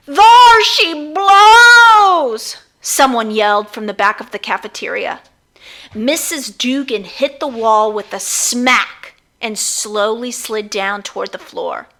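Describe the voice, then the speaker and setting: A woman's voice: mid-range voice, measured pace, creaky. A woman narrating her own children's book as an audiobook, reading expressively. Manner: expressive storytelling.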